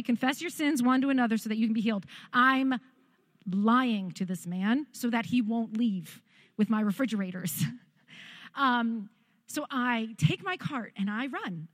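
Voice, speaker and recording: A woman pastor telling a story in a sermon, animated and humorous. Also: on the high side, no echo.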